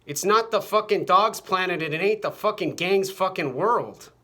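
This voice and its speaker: This vlogger's voice is high and a bit bright, moving at normal speed. Captured on his camera mic, he rambles through an agitated, profanity-laden rant, repeating the same phrases again and again.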